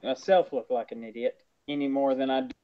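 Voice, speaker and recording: A man's voice: mid-range voice, fairly even intonation, brisk. A man co-hosting a casual sports podcast, announcing upcoming show details with self-mocking jokes. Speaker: podcast co-host. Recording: dull lo-fi sound.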